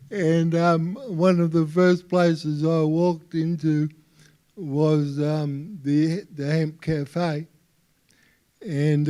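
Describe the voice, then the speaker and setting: A man with an Australian accent doing stand-up comedy for a live audience, with a halting delivery full of repeated words. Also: a little high, warm tone. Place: live stage before an audience.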